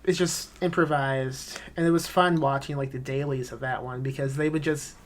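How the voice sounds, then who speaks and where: A male screenwriter chatting on a podcast, with a mid-range, ordinary pitch. He rambles through long answers, leaning on filler words and dropping casual swears. The tone stays loose and conversational. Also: fairly even intonation, moderate pace. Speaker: screenwriter guest.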